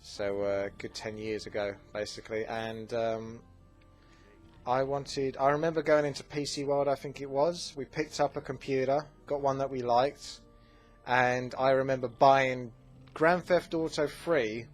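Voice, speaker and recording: A man's voice: mid-range voice, fairly even intonation, measured pace, faint music behind. Rambling young man answering viewer questions. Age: 20s. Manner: rambling, self-correcting, chatty. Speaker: gaming channel host. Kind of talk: casual Q&A commentary.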